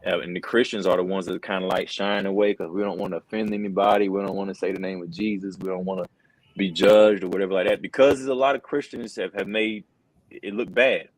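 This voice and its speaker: Middle-aged male interview guest, very deep voice, earnest and casual, lots of "bro". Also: steady tone, fast talker, no room sound, low-quality recording. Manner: earnest, says "bro" and "man" a lot, many restarts. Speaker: wrestling commentator, interview guest. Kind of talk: casual conversational storytelling.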